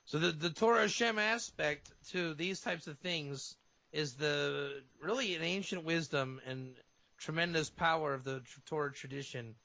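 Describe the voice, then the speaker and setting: Male rabbi guest, high and bright voice, animated radio teaching on dull lo-fi audio. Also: moderate pace, creaky. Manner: animated explainer, acts out fervent prayer.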